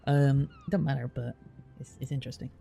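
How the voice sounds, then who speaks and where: A man's voice: medium pitch, steady tone, brisk, creaky, dark tone, soft background music. A British man live-streaming, reading out place names one by one and chatting casually with his viewers, with the odd swear.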